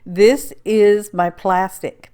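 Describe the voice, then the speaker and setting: A woman's voice: medium pitch, fairly even intonation, very slow, dark tone, smooth. A woman giving a casual, folksy craft tutorial, chatting and rambling as she works and often checking in with "okay?". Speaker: card-making crafter.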